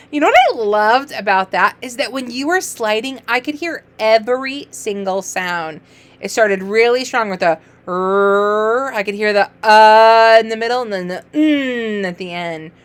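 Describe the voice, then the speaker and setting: A woman teaching early reading to young children, drawing out letter sounds and cheering each word with playful, sing-song praise. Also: a little high. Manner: encouraging, sing-song, playful praise with gasps and exaggerated excitement; slow, drawn-out letter sounds.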